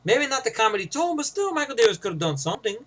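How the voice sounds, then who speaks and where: A man's voice: very high-pitched, sing-song, rapid-fire, fairly bright tone, rough recording. A man with a New York accent giving a rambling, profane, casual movie review, often getting sidetracked.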